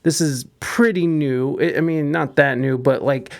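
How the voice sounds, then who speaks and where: A man's voice: on the high side, steady tone, a little slow, creaky. A man hosting a podcast, giving casual, profane news commentary with many restarts. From United States. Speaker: podcast host.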